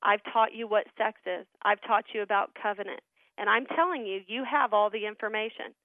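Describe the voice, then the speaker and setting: A middle-aged woman, a ministry founder, telling family stories as a radio interview guest in an earnest, animated way. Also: mid-range voice, brisk, dry recording. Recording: tinny phone line.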